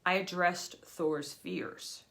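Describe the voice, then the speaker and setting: Woman, energy healer, live teaching talk, earnest, emphatic, slightly low voice. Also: fairly even intonation, slow pace, vocal fry, a bit bright. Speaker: energy healer for people and animals.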